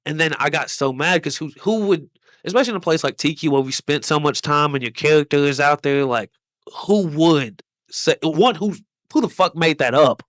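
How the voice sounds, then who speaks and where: A man with a fairly high voice tells a story on a casual podcast. He rambles and swears, with "like" scattered through nearly every sentence. The room sounds dry and close. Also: animated, moderate pace, a bit bright, no echo. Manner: rambling, profane, many "like" fillers. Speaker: podcast host and comedian.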